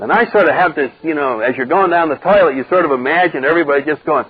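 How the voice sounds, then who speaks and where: Husky older man on lo-fi meeting tape. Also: fairly high pitch, quick pace, dry recording. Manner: animated storyteller who acts out quoted voices, wry and blunt. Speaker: recovery meeting speaker. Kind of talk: personal recovery talk to a live group. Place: meeting room with a live group. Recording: dull lo-fi 1990s cassette recording.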